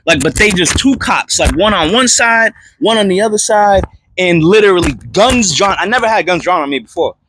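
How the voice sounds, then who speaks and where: A young man casually telling a personal testimony story in an animated, slangy way, full of fillers and restarts. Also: sits high, brisk, noisy background.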